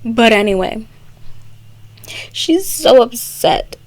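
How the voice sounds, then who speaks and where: Slow-talking sarcastic young woman. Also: fairly high pitch, animated, no echo. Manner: sarcastic, rambling asides. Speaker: video creator. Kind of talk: comedic story recap.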